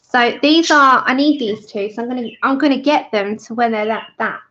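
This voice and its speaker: A chatty woman in her 30s hosts a colouring livestream, laughing often as she recounts a story and voices the quotes in it. She speaks at a moderate pace in a fairly high, fairly bright voice, but the audio sounds dull.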